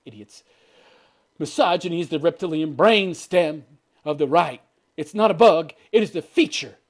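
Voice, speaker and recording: A man's voice: fairly high pitch, normal speed. A man in his fifties hosting a commentary show, ranting sarcastically and profanely about posts he reads out, with scoffing chuckles. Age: 50s. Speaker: commentary channel host.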